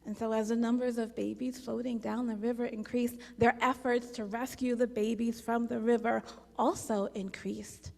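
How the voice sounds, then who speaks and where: A woman leading a congregation service, telling a parable in an unhurried, gentle storytelling manner. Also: a little high, level tone, vocal fry. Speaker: worship leader. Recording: long hall reverb.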